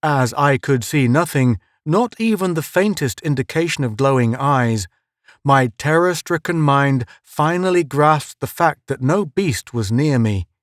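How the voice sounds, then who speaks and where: Man, audiobook narrator, measured dramatic reading, dry close recording. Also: a little high, expressive, no room sound. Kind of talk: scripted first-person narration.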